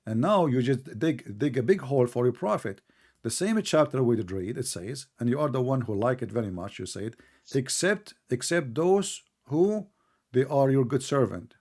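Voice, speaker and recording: A man's voice: lively intonation, moderate pace. Sarcastic, interrupting male debate host. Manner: mocking, sarcastic, keeps interrupting; bursts into loud, high-pitched outrage. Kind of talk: heated online religious debate.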